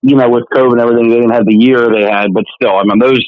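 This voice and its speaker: A man's voice: medium pitch, fairly even intonation, rapid-fire, no room sound, narrow, tinny audio. A man co-hosting a casual talk show, chatty and agreeing with the host. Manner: chatty, backs up the host with fillers. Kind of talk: casual conversation.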